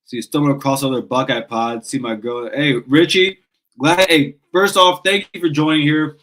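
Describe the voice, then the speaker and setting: A man's voice: fairly high pitch, fairly even intonation, normal speed, fairly bright tone, poor audio. A man in his thirties runs a casual sports fan show in a slightly raised voice. He rants with passion, curses freely, and trips over his words as he restarts sentences. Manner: passionate, ranting, swears, stumbles and restarts. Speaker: sports call-in show host.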